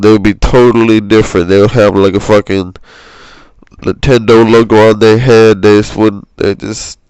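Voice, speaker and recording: A man's voice: on the low side, a little mellow, no echo, rough recording. Rambling young man telling a wild tale. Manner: rambling, slangy, lots of swearing and fillers. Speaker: storyteller. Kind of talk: casual improvised comedic storytelling. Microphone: cheap home microphone.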